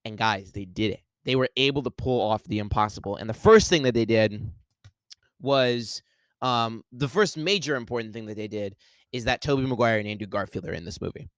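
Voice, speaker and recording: A man hosting a podcast solo, talking excitedly and rambling, with lots of "like". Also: on the low side, fairly quick, no room sound. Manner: excited, rambling, heavy use of "like". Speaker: podcast host. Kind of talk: solo movie spoiler talk.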